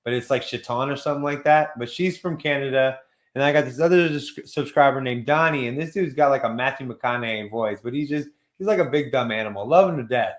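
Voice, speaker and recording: A man in his thirties from Texas, hosting a live chat show, talking in a loose, slangy way with swearing and quick laughs. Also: mid-range voice, echoey room. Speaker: host. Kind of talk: casual chat.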